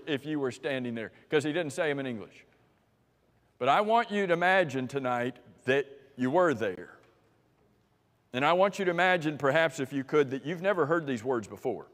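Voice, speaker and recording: An American man preaching a sermon in a church, talking conversationally and asking the congregation questions. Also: fairly high pitch. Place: church sanctuary. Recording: church live stream with long hall reverb.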